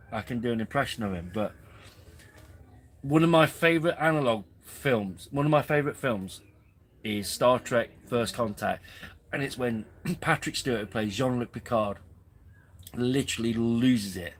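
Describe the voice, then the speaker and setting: A man in his forties hosts a casual camping live stream from inside a tent, rambling, drifting off topic and poking fun at himself in a chatty way. His voice is medium in pitch, with background noise present.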